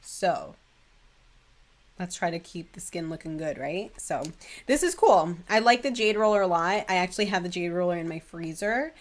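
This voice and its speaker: A woman's voice: on the low side, normal speed. A young woman chatting in a gushing, casual way about her beauty favorites at home, with lots of "like". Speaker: beauty vlogger. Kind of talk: casual chat.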